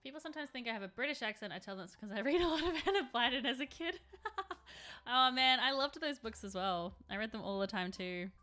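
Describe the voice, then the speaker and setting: A woman's voice: on the high side, expressive, fast talker, bright, forceful tone, soft background music. A woman in her thirties chatting casually on a live stream, rambling and answering chat while she paints miniatures.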